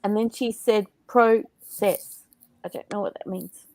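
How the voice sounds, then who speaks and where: Slow-talking Australian woman, dry sound. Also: mid-range voice, fairly even intonation, a little mellow, dry recording. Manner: chatty, laughs often, reads out viewer comments. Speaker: craft show co-host. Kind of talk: casual chat while crafting.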